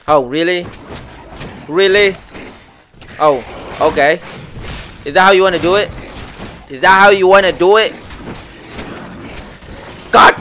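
A man giving excitable live gameplay commentary, talking to himself and his viewers with frequent exclamations. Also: high voice, measured pace, long pauses, a little hiss or hum. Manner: excitable, lots of exclamations and self-talk. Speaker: gameplay streamer.

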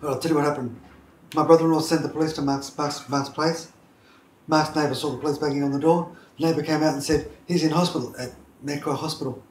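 A man talks from his bed, blunt and unfiltered, with casual swearing. His voice sits a touch high for a man and his words come out with effort. The room around him is echoey, with a faint hiss underneath. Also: fairly even intonation, fast, darkish tone. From Australia. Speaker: documentary subject. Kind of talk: candid conversation from bed. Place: indoors, lying in bed.

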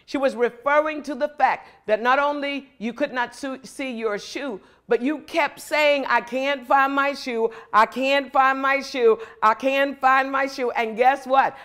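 A woman's voice: sits high, fairly bright tone. A middle-aged woman preaching a motivational sermon in an emphatic, rhythmic way with repeated phrases.

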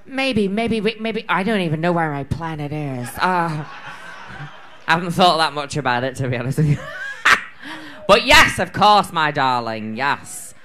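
A man's voice: a little high, lively intonation, normal speed, noisy background. A man, a drag queen at a live viewing party, playful, airy and flirty.

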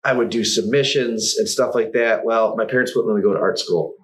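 A man's voice: fairly low pitch, a little fast, rough recording. A middle-aged man, a guest artist, telling long anecdotes in a casual interview, swearing and laughing often.

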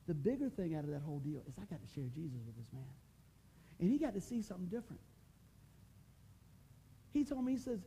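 Man, pastor preaching, folksy and animated, high-pitched, mellow tone. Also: quick pace, slight background noise, poor audio. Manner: folksy, animated preaching with humor and shifting volume. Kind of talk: sermon.

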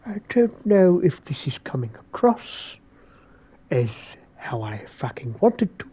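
A man commentating a live game stream, excitable and swearing heavily, jumping between yelps and mutters. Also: high voice, slow, slightly rough.

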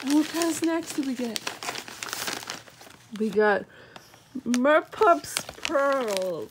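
Young woman vlogger, high lively voice, just woken, coos at her dog, unhurried delivery. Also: background noise. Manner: high sing-song baby talk to her dog, then sleepy asides. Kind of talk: casual unboxing vlog.

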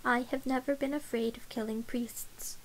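A woman's voice: on the high side, steady tone, moderate pace, a little hiss or hum, close to an everyday voice, poor audio. A woman voicing a wounded, ruthless young empress who forces her words out through pain. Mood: cold.

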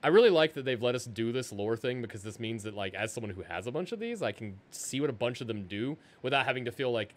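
Man, podcast co-host, lively pitch, jokey, rambling. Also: fast, hardly any pauses. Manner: jokey, rambling, self-deprecating. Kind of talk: casual gaming podcast chat.

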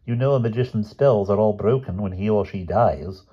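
A man's voice: on the low side, normal speed, husky, dull audio. A man voicing a grim, fretful elderly male doctor in an audiobook reading. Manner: gloomy and fretful.

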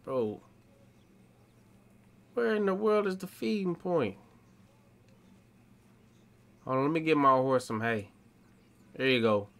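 Young male streamer, bright voice, slangy casual commentary. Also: mid-range voice, expressive, takes it slowly, long pauses. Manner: slangy, talks back to game characters. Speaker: gaming streamer.

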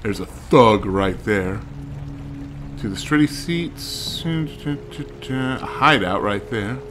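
A man's voice: on the low side, expressive, very slow, music in the background. A man giving wry, joking running commentary while playing a video game. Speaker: let's play gamer. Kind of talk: casual gameplay commentary.

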